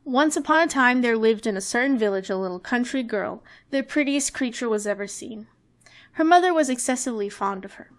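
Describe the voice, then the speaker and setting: Woman reading a fairy tale out loud, calm even storytelling, higher voice. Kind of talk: storybook read-aloud.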